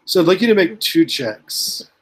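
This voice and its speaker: A man's voice: high voice, big pitch swings, moderate pace, slight background noise. A man running a tabletop game as game master, rambling with many ums and uhs.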